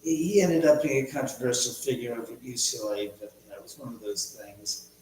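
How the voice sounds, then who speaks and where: A middle-aged man hosts a casual livestream from home, rambling through stories and reading viewer comments aloud in a fast, medium-pitched, darkish voice. A laptop mic picks him up from a distance in a large, echoey room, so the recording is very echoey and distant with a faint hum.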